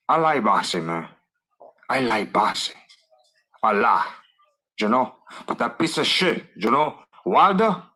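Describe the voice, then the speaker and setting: A man's voice: medium pitch, pushed and bright, full character voice. A man doing a comedic impression of a cocky movie gangster, swaggering and tacking 'man' onto every phrase. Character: film gangster, cocky tough man with a cigar.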